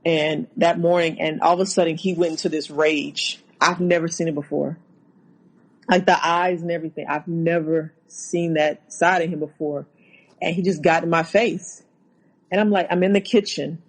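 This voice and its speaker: A woman telling her own story as a podcast guest, halting and repeating herself, acting out what was said. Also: low voice, fairly even intonation, rough recording. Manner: halting, repeats words, acts out quotes. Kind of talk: personal account in a podcast interview.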